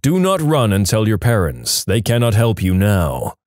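A man voicing a menacing home computer that speaks slowly and ominously in a lowered voice. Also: huge pitch swings, darkish tone, dry recording, clean studio sound. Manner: slow, low, ominous delivery.

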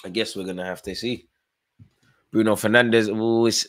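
A man's voice: on the low side, moderate pace, fairly bright tone. A tired man hosting a live football watchalong, chatting through play-by-play with fan reactions. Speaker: watchalong host.

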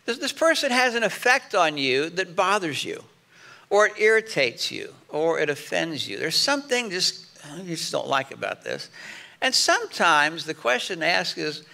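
Casting: middle-aged male pastor, raspy edge, slightly high voice, easygoing preaching tone. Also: sing-song, normal speed, sharp tone. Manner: conversational preaching with quoted example lines. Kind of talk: sermon.

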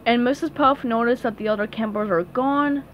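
A woman's voice: a little high, moderate pace. A woman casually reviewing a children's picture book, chatty and gushing, with small laughs and restarts. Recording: dull lo-fi audio with faint noise.

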